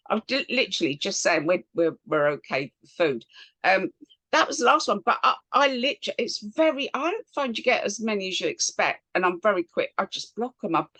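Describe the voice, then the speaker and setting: A woman from England hosts a casual interview over a video call. Her pitch swings a lot as she tells stories in an animated, chatty way. The sound is dry, with no room echo. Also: a little fast. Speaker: host.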